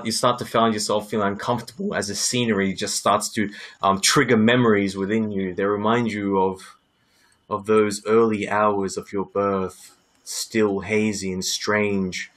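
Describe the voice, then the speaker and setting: A man acting as game master who narrates a tabletop game in a descriptive, halting way with many fillers. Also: on the low side, fairly bright tone.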